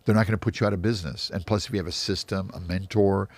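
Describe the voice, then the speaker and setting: A low-pitched man with a gravelly, fry-laden voice gives motivational business advice. He is emphatic and keeps repeating his key phrases. The sound is dry and close. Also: steady tone, fast, a little mellow, dry recording. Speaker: real estate investor and mentor. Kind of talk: interview answers.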